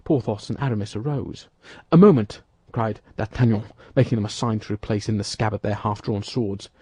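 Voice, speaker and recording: A man narrating an audiobook in an expressive, dramatic storytelling manner. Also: lowish voice, brisk, breathy edge, no echo, studio quality. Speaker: audiobook reader. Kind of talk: scripted narration.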